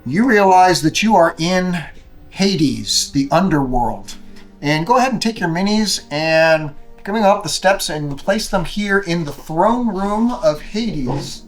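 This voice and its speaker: A man's voice: high-pitched, lively intonation, takes it slowly. A man narrating as game master of a tabletop game, playful and teasing with his players. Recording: echoey room with faint music.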